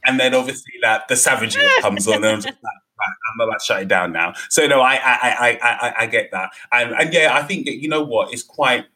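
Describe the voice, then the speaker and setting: Bright-voiced man, playful. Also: mid-range voice. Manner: playful, reflective, halting restarts. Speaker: podcast co-host. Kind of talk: casual chat.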